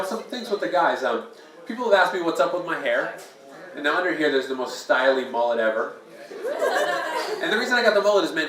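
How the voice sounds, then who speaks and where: A man's voice: a little high, background noise. A man doing a self-deprecating stand-up set at an open mic night in a small bar, bantering with the crowd. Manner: jokey, self-deprecating, playful crowd asides. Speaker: stand-up comedian. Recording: echoey room mic from a distance. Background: audience laughing.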